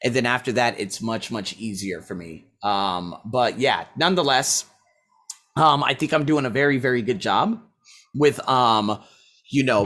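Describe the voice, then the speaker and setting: A man's voice: mid-range voice, fairly bright tone. A man who teaches, talking through a casual weekly self-review, rambling and blunt, swearing freely as he scores himself aloud.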